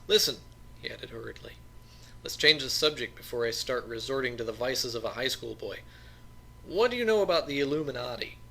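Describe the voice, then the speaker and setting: A man reading a novel aloud as an audiobook narrator, in plain, steady storytelling. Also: mid-range voice, brisk, slight background noise.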